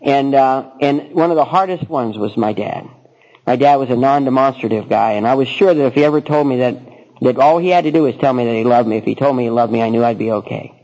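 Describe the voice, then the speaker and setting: Middle-aged man, recovery talk, warm low-toned voice, halting storytelling, radio broadcast sound. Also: rough recording. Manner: rambling storytelling, many false starts. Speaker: speaker sharing recovery story.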